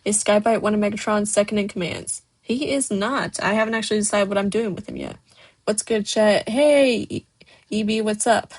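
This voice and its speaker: A woman hosts a casual livestream, reading viewers' messages aloud and answering each one as it comes in. Her voice has a gravelly edge and a husky grain. She talks loosely, with plenty of fillers and restarts. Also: mid-range voice, normal speed. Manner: reads chat messages aloud and answers them. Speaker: stop-motion creator hosting a livestream.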